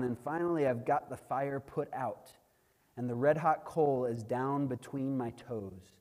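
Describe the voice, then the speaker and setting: A man preaching as a missionary, telling a dramatic testimony that builds to loud, emphatic peaks. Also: mid-range voice. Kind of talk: sermon testimony. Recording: long hall reverb.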